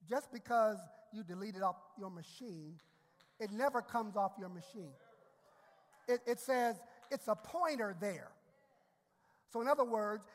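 A male pastor preaching a sermon, repeating words and rising to shouted climaxes. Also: high voice. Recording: long hall reverb.

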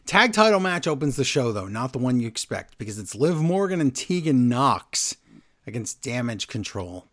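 A man casually recapping a wrestling show, sarcastic and animated, reading from his notes. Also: medium pitch, normal speed. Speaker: podcast host recapping wrestling. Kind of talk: casual chat.

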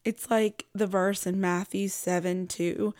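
A woman's voice: mid-range voice, level tone, unhurried, a little mellow, dry recording, studio quality. A woman hosting a Christian podcast, talking in an earnest, reflective, conversational way. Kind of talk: casual devotional podcast talk.

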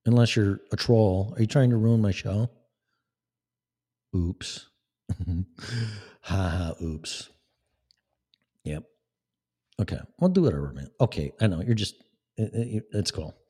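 A man's voice: fairly low pitch, expressive, unhurried, long pauses, mellow, husky. A man hosting a live talk show, speaking in a blunt, sarcastic, rambling way. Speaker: podcast host. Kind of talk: casual live-show monologue.

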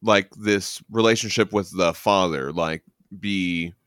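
A man's voice: sits low, unhurried, a bit bright, clear, resonant tone, no echo, clean studio sound. A man co-hosting a podcast, talking enthusiastically about a comic book, with many fillers and restarts. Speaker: podcast co-host. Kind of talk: casual comic book discussion.

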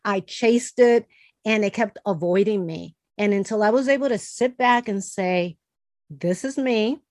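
A woman's voice: medium pitch, normal speed, a little mellow, dry recording, studio quality. A woman hosting a podcast, talking in an eager, chatty way. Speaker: podcast host. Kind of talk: casual conversation.

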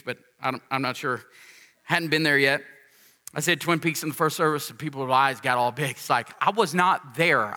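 A pastor delivering a folksy sermon, rising to emphatic calls to the congregation. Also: male voice, a little high, pushed and bright.

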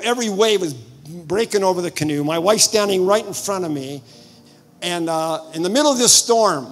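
An older man preaching a sermon, telling personal stories with animated retelling of dialogue and sudden loud bursts. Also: sits high. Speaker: visiting preacher.

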